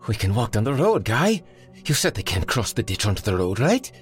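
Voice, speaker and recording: A squeaky, panicked young man. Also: big pitch swings, brisk, faint music behind. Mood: shrill panic. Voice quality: squeaky, high and breathy. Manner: panicked, whimpering, pleading. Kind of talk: audiobook character voice.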